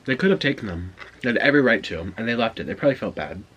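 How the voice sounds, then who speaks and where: A man's voice: on the low side, animated, racing, a bit bright, a little hiss or hum. A man vlogging, telling a chatty story in a casual way between bites of food. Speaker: mukbang vlogger. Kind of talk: casual storytelling while eating.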